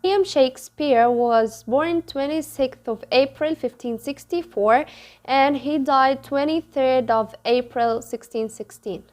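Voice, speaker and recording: Woman, teacher, high voice, unhurried delivery, deliberate, repeats words for emphasis, explanatory lesson. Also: darkish tone. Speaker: English teacher. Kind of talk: classroom lesson explaining a poem.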